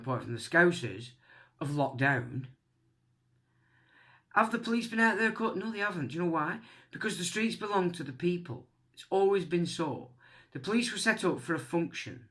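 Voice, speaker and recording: A man's voice: fairly high pitch, fairly bright tone. A man hosting his channel, giving a casual opinion monologue in a blunt, swearing, ranting manner. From England. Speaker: channel host.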